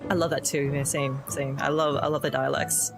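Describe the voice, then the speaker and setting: Woman streamer, excitable, chatty, reads game text aloud, music loud behind. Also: low-pitched, fairly quick, vocal fry. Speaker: VTuber streamer. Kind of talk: live game playthrough commentary.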